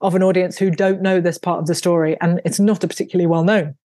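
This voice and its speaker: A woman author and audiobook narrator talking in an interview, animated and quick to laugh, often making fun of herself. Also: fairly low pitch, dry recording. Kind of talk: conversational interview.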